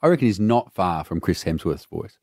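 A man's voice: low voice, expressive, moderate pace, creaky, a little mellow, no room sound, studio quality. A man, co-hosting a podcast in casual, jokey banter. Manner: jokey, teasing, laughs a lot. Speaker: podcast co-host.

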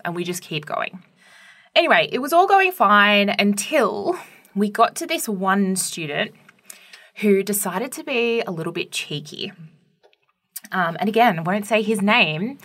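A woman's voice: lowish voice, animated, moderate pace, fairly bright tone. A young adult woman co-hosting a podcast, telling a teaching story in a casual, chatty way full of "like" and "right?".

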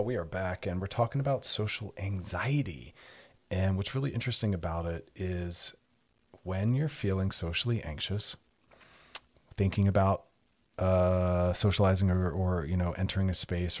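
A man's voice: low-pitched, moderate pace. A man hosting an advice show, talking earnestly and directly, coaching listeners with repeated commands. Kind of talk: advice podcast monologue.

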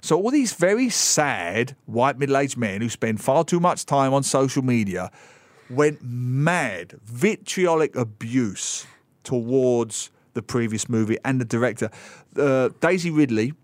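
A man in his forties, a radio guest, talks films in a casual, animated and sarcastic way with mocking asides, on a studio microphone. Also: medium pitch, a little slow, no room sound. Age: 40s. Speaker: radio guest and film commentator.

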